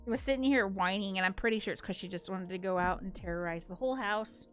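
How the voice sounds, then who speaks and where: A woman streamer talks casually over a game, getting emotional and laughing through tears as she reads. Her voice sits at a middling pitch, with faint game music underneath. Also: quick pace.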